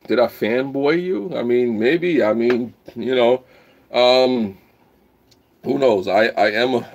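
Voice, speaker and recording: A man hosting a casual live stream, rambling while he reads the chat aloud and bursts into loud whoops. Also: fairly low pitch.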